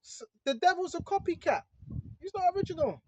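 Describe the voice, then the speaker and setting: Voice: very high voice, expressive, a little fast, a little hiss or hum. A speaker preaching informally, emphatic and repetitive, checking in with the listener again and again. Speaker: online preacher. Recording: dull lo-fi recording.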